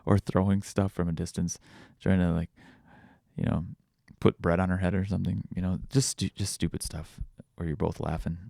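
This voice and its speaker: This podcast host, a man in his thirties, speaks at a moderate pace with flat delivery, his very low voice gravelly with fry yet warm. He rambles candidly through a reflective monologue, frequently restarting sentences, in a dry, close recording with no room sound.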